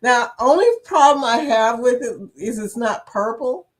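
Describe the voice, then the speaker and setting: A woman's voice: fairly high pitch, unhurried. An older woman hosting a casual live-stream chat, chatty and laughing often as she reads viewers' comments aloud, with a slight cough and a dry throat.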